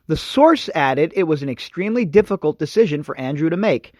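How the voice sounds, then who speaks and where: A man's voice: a little high, expressive, brisk, few pauses, darkish tone, no echo. Sarcastic ranting male radio host. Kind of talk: opinionated commentary monologue.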